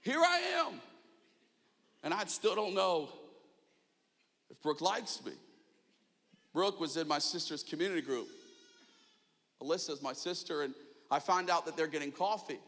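A young man preaching a sermon, telling a funny personal story with self-mocking animation and shouted asides in a church auditorium. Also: on the high side, animated, unhurried, long pauses. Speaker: pastor. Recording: long hall reverb.

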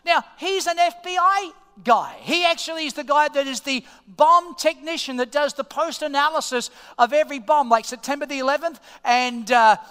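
A middle-aged Australian man preaching from the pulpit in a strikingly high voice, telling stories with animated swings between hushed asides and loud, excited peaks. His sermon rings with the long reverb of a large church hall. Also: normal speed, hardly any pauses. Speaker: pastor. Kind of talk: sermon with personal storytelling. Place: church auditorium.

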